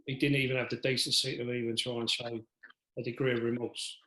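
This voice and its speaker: A man hosts an interview podcast at medium pitch, speaking fairly quickly with a flat delivery and a fairly bright tone. He's sympathetic, repeating himself and trailing off as he reacts. The recording has a roomy echo.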